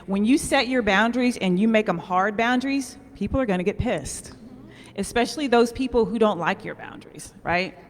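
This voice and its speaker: A woman's voice: on the high side, very animated, moderate pace, long reverb tail. A woman on a live discussion panel who talks bluntly and emphatically and laughs often.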